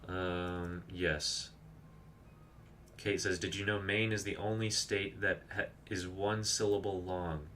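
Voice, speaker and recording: Male streamer, deep voice, chatty and rambling, casual live gameplay talk. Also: flat delivery, takes it slowly, fairly bright tone, a little hiss or hum. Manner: chatty, rambling, reads chat aloud and explains game tricks.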